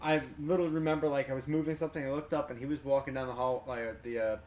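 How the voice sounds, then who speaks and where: A man's voice: medium pitch, steady tone, very fast, a little mellow, recorded from a distance. A young man co-hosting a podcast, telling a story in a rambling, profane way full of restarts. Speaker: podcast co-host. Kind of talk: casual storytelling chat. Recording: echoey room, faint noise.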